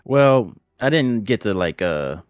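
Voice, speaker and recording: A man's voice: on the low side, very animated, measured pace, over loud music. A man playing a tabletop game, talking hesitantly with many fillers. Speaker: player.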